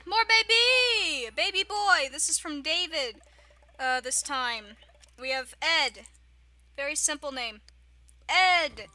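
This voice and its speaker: A woman's voice: high voice, animated, takes it slowly, pushed and bright, soft background music. A young woman giving casual, giggly commentary on her own video game playthrough, often chanting silly catchphrases. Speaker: gaming YouTuber. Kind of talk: casual let's-play commentary.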